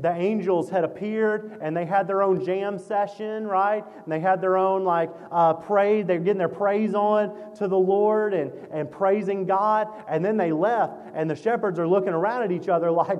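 Southern US man, Mississippi accent, high voice, folksy emphatic preacher, long hall reverb. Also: a little mellow, dull audio. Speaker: guest pastor. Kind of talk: sermon.

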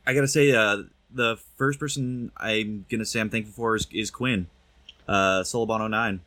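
Low-voiced joking podcast host man. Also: fairly even intonation, moderate pace, bright, forceful tone. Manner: easygoing, joking. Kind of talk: casual podcast chat.

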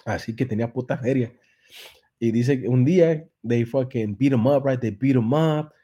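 A young man rattles off a story in a loose, profane way, hopping between English and slang. His voice is mellow and warm, sitting in an ordinary middle pitch. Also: a little fast, breathy edge, lo-fi sound. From San Jose, California. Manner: profane, laid-back, switching between English and Spanish slang. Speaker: comedian and podcast host. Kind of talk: casual joke-telling on a live podcast.

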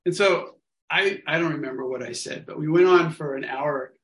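A man casually telling a story to an online study group, acting out what people said in lively quotes. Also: on the high side, normal speed. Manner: animated, acts out other people's lines. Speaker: workshop leader telling a story. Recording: echoey room sound.

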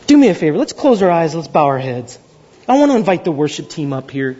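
A man's voice: very high-pitched, animated, fast talker, lo-fi sound. A man preaching a sermon and telling a personal story animatedly, often laughing and repeating words. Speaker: pastor.

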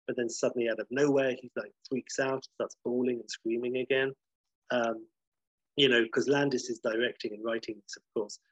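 A man, casually pitching and reading out a film script, rambling and correcting himself as he goes. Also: no room sound, poor audio. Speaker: podcast host pitching a film idea.

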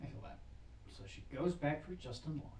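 Heard from a distance in a roomy, echoing space with faint noise behind, a man with a slightly higher voice recaps a movie in loose, casual chat. He acts out characters' lines in quick little quotes as he goes. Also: a little mellow. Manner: retells scenes with quick put-on quotes. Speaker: podcast co-host. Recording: echoey room, distant mic, faint noise.

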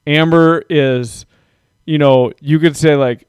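A man's voice: a little high, fairly even intonation, takes it slowly, a little mellow, clear, resonant tone, no echo, studio quality. A man in his thirties, a father of young kids, rambling through a casual story with lots of swearing. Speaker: podcast co-host. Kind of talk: casual chat.

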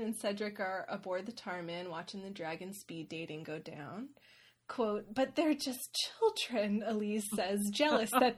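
Give me a woman host with a wry, irreverent tone recapping a story. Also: medium pitch. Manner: wry, irreverent, laughs often. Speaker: podcast host. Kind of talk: comedic book recap.

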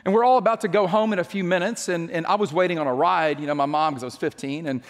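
A man with a notably high voice tells a personal story from the pulpit. He is a chatty, self-mocking storyteller who trips over his words and restarts often. His voice rings out in a big hall with a long reverb tail. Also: fast talker. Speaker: pastor. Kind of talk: storytelling sermon.

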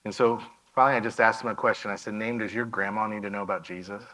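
A man's voice: on the low side, steady tone, fast talker, sharp tone, low-quality recording. A man giving a missionary presentation in a church, telling a story and acting out the dialogue of the people in it.

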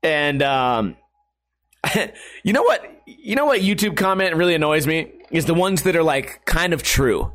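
A man's voice: on the high side, expressive, measured pace, a bit bright. A man in his thirties rambling casually in a vlog, crude and self-mocking, swearing often and laughing at himself. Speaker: vlogger.

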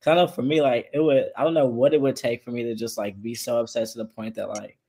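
A man on a podcast panel, giving his opinions in a measured but emphatic casual way. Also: medium pitch, steady tone, warm tone. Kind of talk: casual chat.

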